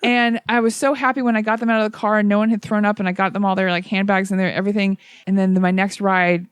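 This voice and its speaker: A young adult woman, a comedian guest, telling profane, animated stories in casual chat. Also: mid-range voice, fast talker, smooth, no echo. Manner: profane, animated anecdotes with acted-out quotes. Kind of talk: casual chat, comic storytelling.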